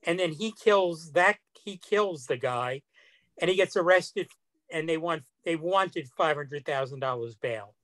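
A man in a casual talk-show chat, retelling a news story at a measured pace with wry remarks. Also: a little high, lively intonation, fairly bright tone, no echo.

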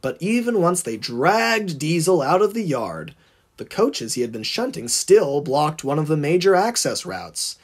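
A man reads his own fan-made story aloud with dramatic, swooping narration. His voice is somewhat high and husky. The pitch moves in a lively, animated way. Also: measured pace.

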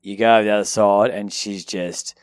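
A man's voice: fairly low pitch, steady tone, a little fast, clear, resonant tone, dry recording. A young Australian man co-hosting a podcast, teasing his mate and chiming in with jokes. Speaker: podcast co-host. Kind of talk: casual banter.

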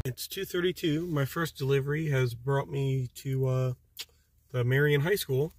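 A man's voice: medium pitch, normal speed. A man who drives food deliveries, chatting and telling stories as he drives, and laughing often. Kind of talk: casual vlog narration. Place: in a car. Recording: car road noise.

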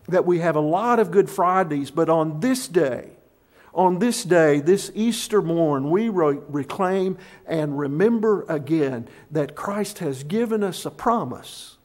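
A middle-aged male pastor preaching a sermon, telling the story plainly and leaning on key words with louder and softer delivery. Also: a little high. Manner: storytelling preacher, varies loudness for emphasis.

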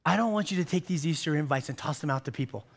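A man's voice: a little high, lively intonation, rapid-fire, vocal fry. A man in his fifties preaching a sermon in a church, folksy and joking, often repeating words as he goes. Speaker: pastor.

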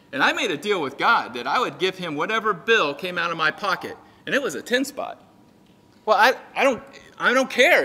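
A man preaches a sermon from the pulpit, his voice high and bright. He jokes and acts out little dialogues, swinging his pitch widely. The sound carries a long reverb from the church hall. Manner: lively, jokey preaching with acted-out dialogue. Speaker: pastor. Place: church sanctuary.

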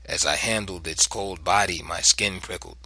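Husky low male audiobook narrator. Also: fairly even intonation, pushed and bright, no room sound. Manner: measured, literary storytelling. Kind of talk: scripted narration.

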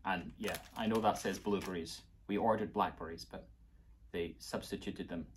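A man's voice: sits low, fairly even intonation, moderate pace. A man with a Scottish accent teaching a playful children's music lesson, coaxing young listeners along.

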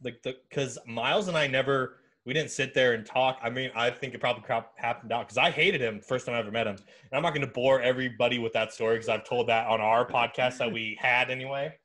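A man in a mid-range voice hosts a podcast, talking easily and telling stories about friends. His delivery is relaxed and friendly, with the pauses and restarts of casual chat. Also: mid-range voice. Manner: friendly, easygoing storytelling. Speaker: podcast host.

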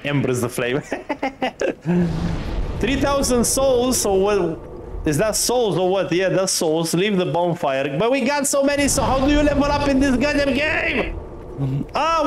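A man commentating his first play of a game, excitable, laughing often and swearing casually at enemies. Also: extremely high pitch, a little slow, background noise. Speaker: gaming streamer.

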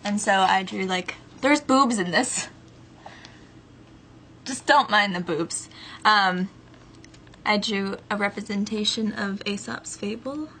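A tired woman talks casually to her camera from her bedroom, wandering from one thought to the next. Her voice sits at a middle pitch and is packed with "like" and "um". A faint hiss runs under the recording. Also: fairly bright tone. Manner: rambling, lots of "like" and "um" fillers. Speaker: vlogger.

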